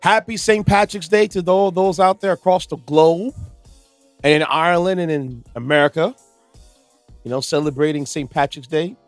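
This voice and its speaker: A man's voice: fairly high pitch, moderate pace, dry recording, faint music behind. A man hosting a podcast in casual chat, with a playful, showy delivery. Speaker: podcast host.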